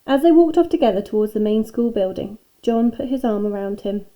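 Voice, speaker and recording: A woman reading a children's book aloud with expressive storytelling. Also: medium pitch, a little fast, rough recording. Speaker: school staff reader.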